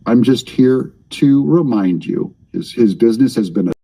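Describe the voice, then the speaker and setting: A man's voice: mid-range voice, animated, moderate pace, mellow, slightly rough, low-quality recording. A man hosting his own commentary channel, talking back at clips in a mocking, sarcastic way.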